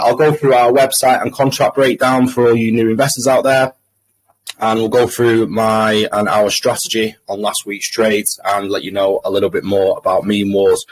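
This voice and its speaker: A man's voice: fairly low pitch, poor audio. A man with a Manchester accent giving a voice-chat presentation to investors, hesitant and full of ums and restarts. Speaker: crypto trader presenting to investors. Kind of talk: screen-share voice chat presentation.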